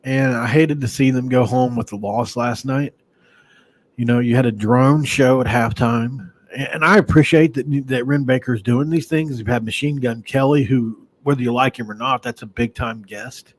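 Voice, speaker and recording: A man's voice: medium pitch, steady tone, normal speed. A man from West Virginia hosting a casual sports podcast, rambling conversationally with sighs and restarts. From Mingo County, West Virginia, USA.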